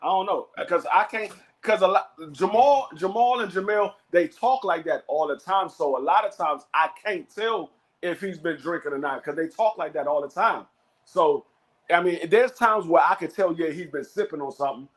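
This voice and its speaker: A man's voice: high voice, moderate pace, rough recording. A man co-hosting a casual boxing chat, often stammering on restarts and acting out what others said. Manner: stammering restarts, animated retelling. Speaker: co-host.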